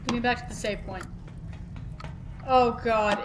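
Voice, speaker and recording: A woman's voice: mid-range voice, unhurried, background noise. A woman playing a horror game and commenting, panicky, swearing and repeating words in frantic bursts. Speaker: let's play gamer.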